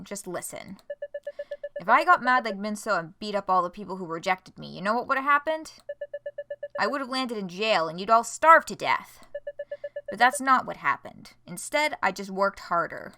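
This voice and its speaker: A woman doing a loud, lecturing angry father. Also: medium pitch, dry recording. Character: angry strict immigrant father, middle-aged.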